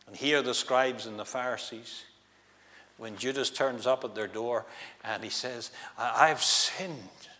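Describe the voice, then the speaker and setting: Man, preacher, bright forceful voice, long church reverb. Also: medium pitch, fairly even intonation, unhurried. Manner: dramatic, swings from loud to hushed. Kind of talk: gospel sermon. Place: church hall.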